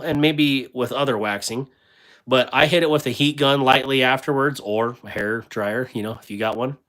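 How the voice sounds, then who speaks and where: Man hosting a casual livestream, mid-pitched voice, rambling and full of fillers, reads chat comments aloud. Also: fairly bright tone. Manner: rambling, with many fillers and restarts; reads viewer comments aloud and answers them. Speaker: livestream host.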